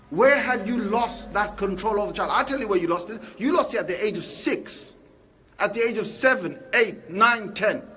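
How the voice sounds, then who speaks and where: A man giving a Friday sermon, talking in a lively, conversational way and asking the congregation rhetorical questions. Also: high-pitched, slight background noise. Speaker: preacher.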